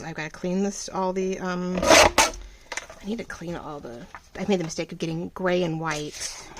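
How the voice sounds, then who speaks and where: A woman's voice: on the low side, gravelly, a little hiss or hum, rough recording. A woman vlogger chatting casually while she crafts, thinking aloud and restarting her sentences as she goes.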